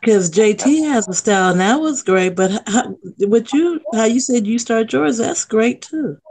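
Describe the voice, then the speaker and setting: A guest from Los Angeles with a mid-range voice, chatting on a livestream. They talk politely and stay even-handed. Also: medium pitch, moderate pace. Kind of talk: casual chat.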